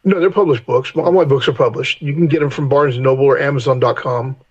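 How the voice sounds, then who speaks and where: A man's voice: medium pitch, fast talker, darkish tone, breathy edge, muffled recording. A middle-aged man, a podcast guest, telling candid stories in a blunt, profane way and acting out heated confrontations. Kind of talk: candid storytelling interview.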